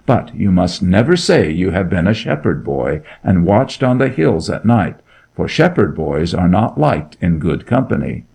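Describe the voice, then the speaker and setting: A man's voice: sits low, sing-song, measured pace, vocal fry, darkish tone, slightly rough, exaggerated voice. A man reading a story aloud, voicing a grim and menacing duke who interrogates with cold authority. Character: grim, menacing nobleman, a middle-aged duke.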